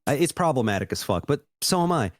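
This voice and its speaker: Profane, rambling American man, lively voice. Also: medium pitch, fast, dry recording, studio quality. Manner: profane, self-deprecating, rambling. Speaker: podcast co-host. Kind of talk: casual podcast chat.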